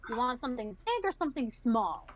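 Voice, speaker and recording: A woman's voice: fairly high pitch, very animated, fairly quick, slight background noise. A woman voicing a cocky man who runs a game stall in a tabletop game. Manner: cocky, then sore loser. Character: cocky adult male game-stall keeper.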